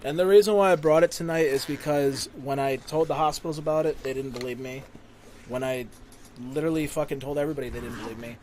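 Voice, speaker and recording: A man recounts a story on a casual podcast, swearing freely and speaking bluntly. His voice sits at an ordinary pitch. Faint room noise hangs behind him. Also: fast, a little mellow. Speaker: podcast guest.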